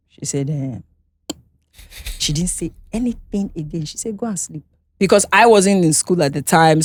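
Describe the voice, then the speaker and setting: A woman's voice: low-pitched, dry recording. A Nigerian woman, a singer and interview guest, recounting her life candidly, with frequent restarts and check-ins with her listener. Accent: Nigerian English. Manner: halting, restarts often, checks in with "you understand?".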